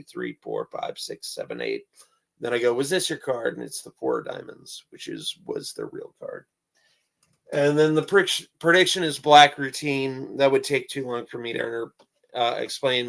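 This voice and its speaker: A man's voice: mid-range voice, gravelly, fairly bright tone. A man explaining his stand-up comedy act in a rambling, casual way, with many fillers and restarts.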